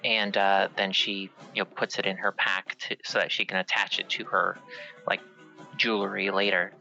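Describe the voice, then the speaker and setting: A man describing his character's actions in a tabletop game, in a halting, filler-heavy way. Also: low voice, flat delivery, creaky, sharp tone, highs cut off, soft background music. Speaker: player.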